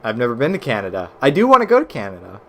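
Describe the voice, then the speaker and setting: American man, casual gaming chatter, average pitch, slight background noise. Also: wildly swooping pitch, racing. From United States. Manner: chatty, swears casually, reacts loudly to the game. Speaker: streamer.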